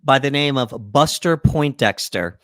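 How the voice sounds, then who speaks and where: A man co-hosting a podcast, recapping a film in a relaxed, easygoing way. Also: medium pitch, a little slow, no echo, clean studio sound. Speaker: podcast co-host. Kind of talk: casual movie breakdown chat.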